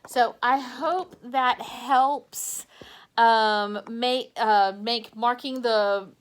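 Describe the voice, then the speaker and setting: A woman teacher walking young children through a phonics worksheet, sounding out letters slowly and patiently while she tips her camera toward the page. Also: on the high side. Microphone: handheld phone or camera tipped toward a worksheet.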